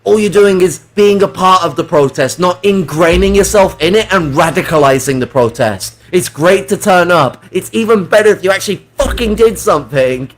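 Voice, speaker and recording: A man hosting a casual political voice-call stream, talking in an animated, swearing, lecturing way. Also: sits high, normal speed, hardly any pauses. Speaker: stream host.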